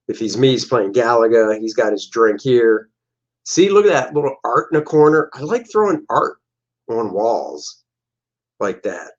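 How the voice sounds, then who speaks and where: A comic artist with a medium-pitched voice chats casually about his own old artwork, joking around playfully and making silly sound effects. The sound is lo-fi.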